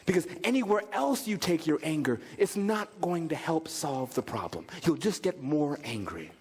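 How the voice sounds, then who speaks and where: A male pastor preaching a sermon in an animated way, often slipping into the voices of the people in his examples. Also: a little high, normal speed, breathy edge. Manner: animated, acts out quoted voices. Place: church sanctuary. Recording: reverberant church hall.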